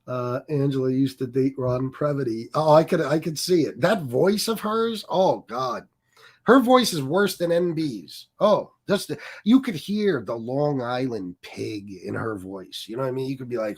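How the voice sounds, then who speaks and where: A husky, medium-pitched male voice, animated and a little slow, belongs to a streamer hosting a live stream. He rants angrily, swearing often and throwing in mocking asides, with plenty of fillers.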